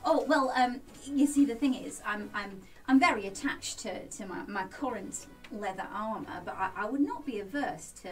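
A woman's voice: mid-range voice, normal speed, few pauses. A woman playing an elf in a tabletop game, hesitant and flustered, often repeating words. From England. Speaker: player. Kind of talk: in-character tabletop role-play. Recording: distant mic with background music.

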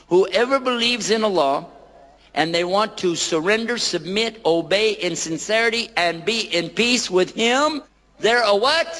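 A man giving a playful public lecture on a microphone, quizzing his audience and repeating words slowly for them to say back. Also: high-pitched, fairly bright tone. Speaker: lecturer on Islam. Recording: long hall reverb.

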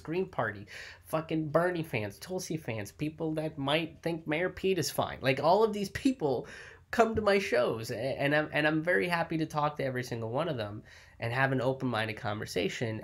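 A man's voice: medium pitch, fairly bright tone. A man who tours as a comedian talks casually to camera about his shows, rambling with lots of fillers and some swearing. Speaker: touring comedian. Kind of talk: casual reflective vlog talk.

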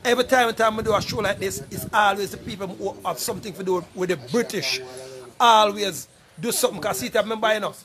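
This middle-aged Jamaican vlogger speaks fast in a high-pitched, fairly bright voice. Addressing the camera casually, he repeats his emphatic appeal for donations and keeps calling out to people.

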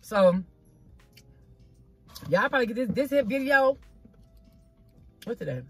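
Sitting outdoors in a parking spot, a woman chats with her viewers while eating, recording a casual mukbang vlog on her phone camera. She sounds a little high and slightly rough, with a fairly bright tone, lively intonation, and a slightly slow pace over soft background music. Folksy and talkative, she often says "y'all" and "child."

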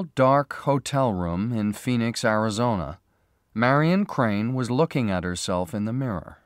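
Male narrator, slow graded-reader storytelling, dry close mic. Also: medium pitch, dry recording. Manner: slow, careful, clearly spoken. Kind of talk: scripted storybook narration for learners.

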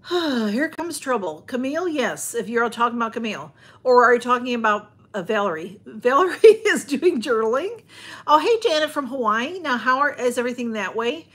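A woman's voice: a little high, very animated, normal speed, fairly bright tone, breathy edge. A woman chatting on a livestream from home, rambling and greeting viewers by name as she reads their comments. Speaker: livestream host. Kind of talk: casual livestream chat.

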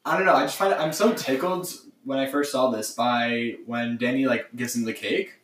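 A man's voice: medium pitch, steady tone, fairly bright tone. Man talking casually in an echoey room. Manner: halting, filler-heavy. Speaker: podcast host. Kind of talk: casual chat. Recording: echoey room, distant mic, faint noise.

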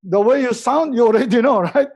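A man giving a lively motivational webinar talk, repeating words for emphasis and swinging between loud and hushed delivery. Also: very high-pitched, brisk, breathy edge, rough recording. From Philippines. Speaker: resiliency coach.

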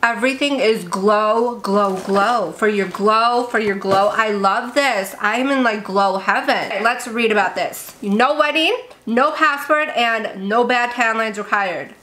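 A young woman vlogging casually as she unboxes beauty products, gushing and gasping with excitement. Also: fairly high pitch, a little slow. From India. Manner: gushing, excitable, gasps often.

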